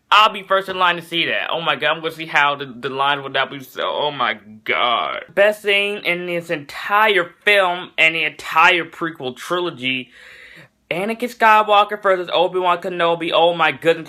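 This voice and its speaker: Excitable teen guy with a bright voice. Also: fairly high pitch. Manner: excitable, gushing, with mocking sarcasm. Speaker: movie reviewer. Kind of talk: casual spoken film review.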